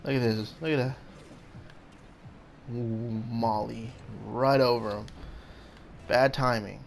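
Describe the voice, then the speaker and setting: Excitable man with a gravelly voice. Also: medium pitch, slow, a little hiss or hum. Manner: excitable, blurts out reactions and short shouts; talks to his opponent and himself. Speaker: gaming channel host. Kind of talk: casual gameplay commentary.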